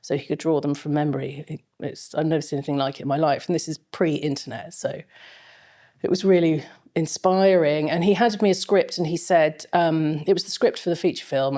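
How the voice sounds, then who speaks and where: A middle-aged woman with a low, mellow voice speaks as an interview guest. She tells long, meandering anecdotes and fills them with frequent ums and restarts. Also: steady tone, moderate pace. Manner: rambling anecdotal storytelling with frequent fillers. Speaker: fashion film lecturer, guest. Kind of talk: casual interview chat.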